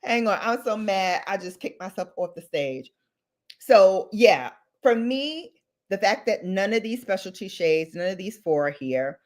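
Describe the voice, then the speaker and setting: A woman beauty vlogger ranting in a casual, theatrical and dramatic way, with playful outbursts. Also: fairly low pitch.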